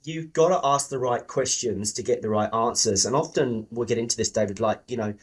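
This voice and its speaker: A man's voice: medium pitch, fairly quick, breathy edge. A middle-aged man from England hosting a sales podcast, chatty and enthusiastic, swearing casually. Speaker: podcast host. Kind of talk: podcast interview.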